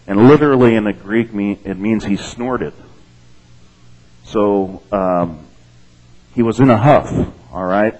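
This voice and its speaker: A pastor with a fairly low voice reads scripture and comments on it, speaking slowly with long pauses on a rough recording. He's relaxed and conversational, often checking in with "okay?" and "amen?".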